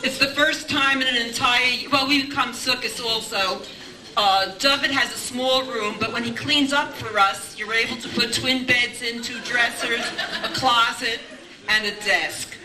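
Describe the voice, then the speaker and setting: A woman's voice: on the high side, fairly even intonation, a little slow. An older grandmother telling chatty family stories in a speech at a bar mitzvah, with lots of restarts and repeated "I says". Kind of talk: anecdotal family celebration speech. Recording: echoey room, distant mic, background noise.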